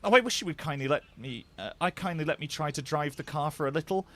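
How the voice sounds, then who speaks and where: A man's voice: a little high, fast, a bit bright, lightly acted. A man voicing a boastful, reckless male toad disguised as a washerwoman, swaggering and gleeful in a storybook reading. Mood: wheedling.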